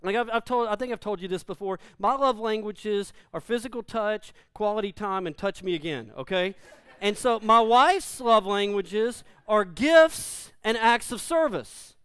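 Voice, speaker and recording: A man preaching a humorous sermon, animated and self-deprecating, acting out the quotes in his story. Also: sits high, a little slow, smooth, no room sound. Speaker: pastor.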